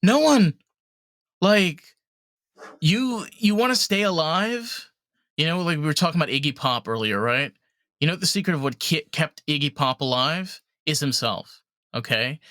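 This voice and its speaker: A man's voice: fairly high pitch, lively intonation, normal speed, fairly bright tone, no echo, studio quality. An American man from upstate New York hosting a podcast, talking in an emphatic, rambling way. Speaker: podcast host. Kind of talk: casual conversation.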